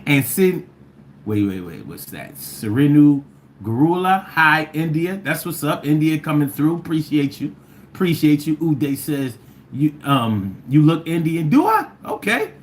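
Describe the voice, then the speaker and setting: A man from Philadelphia with a Philly accent, hosting a casual livestream and playfully reading out viewer comments, sometimes singing. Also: a little high. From Philadelphia, USA. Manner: playful, riffing and breaking into sing-song chants. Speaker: livestream host.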